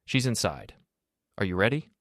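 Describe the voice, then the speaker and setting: A grave, wealthy businessman, voiced by the male narrator lays out facts in a measured, matter-of-fact way. His voice is very low and steady. The sound is dry and close, like a story-channel read. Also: no echo. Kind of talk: audiobook drama reading.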